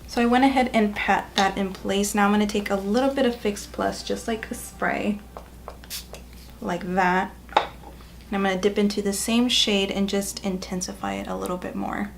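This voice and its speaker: Upbeat woman beauty vlogger with a creaky, fry-edged voice, chatting viewers through a tutorial. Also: medium pitch, steady tone, normal speed, a little hiss or hum. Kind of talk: casual makeup tutorial narration.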